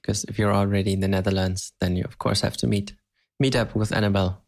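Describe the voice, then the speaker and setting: A man's voice: on the low side, little pitch movement, fast, creaky, darkish tone. A man from Europe co-hosting a podcast, chatting casually, hesitant and laughing often. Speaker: podcast co-host. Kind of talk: casual chat.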